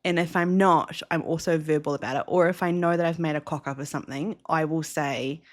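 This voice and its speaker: A woman's voice: low-pitched, fairly even intonation, a little fast. A woman co-hosting a podcast, chatting casually and reflecting on her own habits, laughing easily. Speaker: podcast co-host. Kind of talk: casual chat.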